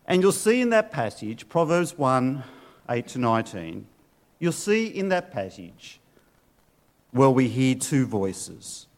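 A man's voice: mid-range voice, big pitch swings, takes it slowly. A middle-aged male pastor giving an earnest sermon and asking his listeners rhetorical questions.

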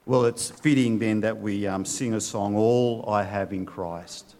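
A man's voice: on the low side, a little mellow. A male pastor preaching earnestly, reading from storybooks and leading a prayer. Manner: earnest, slow and deliberate preaching.

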